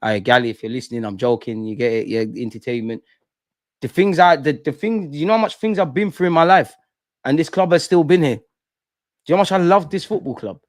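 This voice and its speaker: Young male host, heated slangy rant, higher pitch, dry room. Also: brisk, no room sound. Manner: impassioned, repetitive, slangy ranting. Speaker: fan channel host. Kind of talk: emotional fan rant to live stream.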